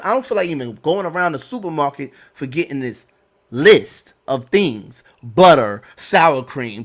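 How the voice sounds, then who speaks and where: A middle-aged man on a podcast, telling a personal story in casual, slangy talk, animated and laughing along. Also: fairly high pitch. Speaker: podcast co-host.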